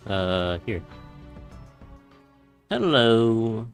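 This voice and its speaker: A man's voice: low voice, measured pace, a bit bright, soft background music. A man casually commenting on a horror game as he plays, reading the on-screen text aloud and tossing out exasperated, sarcastic asides. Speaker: let's play gamer.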